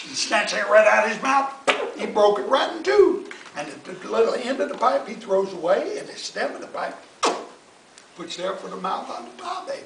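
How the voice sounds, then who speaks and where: A man telling folk tales to his family in an animated, folksy way. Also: high-pitched, vocal fry. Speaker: family storyteller. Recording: distant echoey noisy home recording.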